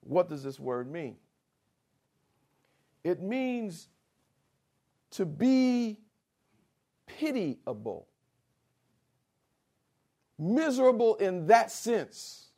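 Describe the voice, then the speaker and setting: Male preacher, unhurried and insistent, speaks straight to the congregation. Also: high-pitched, big pitch swings, mellow. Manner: spells out Greek words slowly and earnestly; addresses listeners directly and insistently. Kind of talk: sermon.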